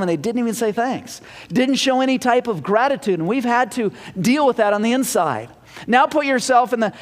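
A man preaching a sermon in a folksy manner, asking his listeners questions. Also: sits high. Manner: folksy, asks the congregation questions. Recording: long reverb of a church hall.

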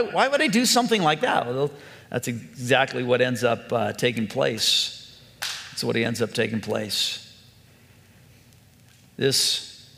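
A man's voice: medium pitch, gravelly, fairly bright tone, big-room sound. A male pastor preaching an earnest, conversational sermon, full of questions put to his congregation.

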